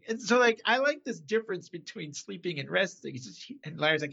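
A man chatting casually on a podcast, retelling a TV episode and acting out the characters' lines with big jumps in pitch. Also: brisk, gravelly, slightly rough, dull audio. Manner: animated storyteller, acts out quotes with pitch jumps.

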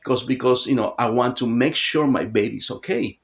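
A man's voice: medium pitch, normal speed. Rambling man telling a story. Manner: rambling, with many fillers and restarts. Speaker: guest hypnotherapist. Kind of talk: casual storytelling in conversation.

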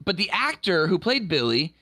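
A man's voice: sits high, sing-song, normal speed, pushed and bright, no room sound. A man co-hosting a podcast in casual, crude, rambling chat. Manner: rambling, crude, laughs easily. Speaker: podcast co-host.

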